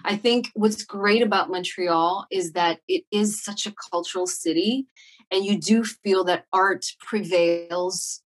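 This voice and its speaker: A woman's voice: medium pitch, measured pace. A woman actor being interviewed, talking casually and reflectively, with many fillers and restarts. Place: Montreal.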